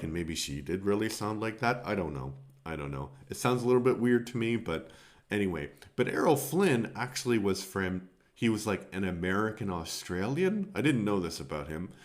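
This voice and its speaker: A man hosting a film review podcast, talking casually and rambling, with many fillers and restarts. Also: fairly low pitch.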